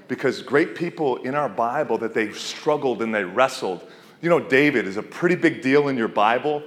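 Male pastor, conversational sermon, questions to the congregation, long hall reverb. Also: medium pitch. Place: church hall.

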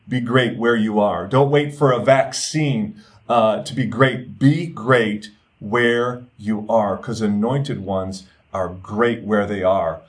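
A middle-aged man preaching a sermon as pastor, earnest, with repeated phrases and stretches where he drops softer. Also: mid-range voice.

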